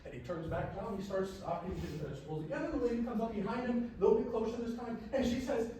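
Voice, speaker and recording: A man from a small comedy troupe works a live crowd, teasing them and spinning a crude supermarket joke. His voice sits high, and it comes from well away from the mic. The hall echoes heavily around him. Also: fast, dark tone. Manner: crude, playful crowd banter. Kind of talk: live stand-up storytelling. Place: large hall with a live audience. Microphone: far from the recording mic. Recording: echoey hall recorded from far off.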